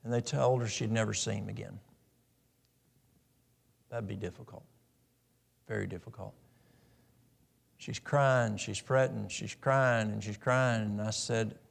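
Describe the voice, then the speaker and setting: A man's voice: lowish voice, fairly even intonation, a little slow, vocal fry, long pauses. A middle-aged man giving a practical, story-filled health talk at a church in a folksy manner. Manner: folksy, practical, tells stories.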